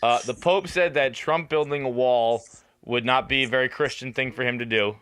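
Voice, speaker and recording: Man, show host, offhand deadpan segues, bright voice, dry close sound. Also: medium pitch, normal speed, clean tone, dry recording. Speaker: show host reading out news items. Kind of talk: casual news rundown.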